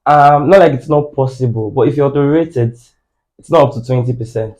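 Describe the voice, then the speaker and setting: Measured man with dark tone. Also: mid-range voice, rough recording. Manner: measured, explaining step by step. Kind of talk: casual podcast chat.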